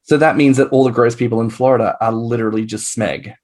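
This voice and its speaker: Australian male podcast host, campy and animated, mid-pitched, laughs a lot. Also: quick pace. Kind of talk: casual podcast chat.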